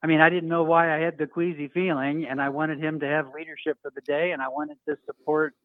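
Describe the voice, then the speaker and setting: Male caller, lively storyteller on a tinny phone line, dry sound. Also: on the high side, brisk, no room sound. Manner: storytelling, acts out quoted voices. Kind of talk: telling a personal story.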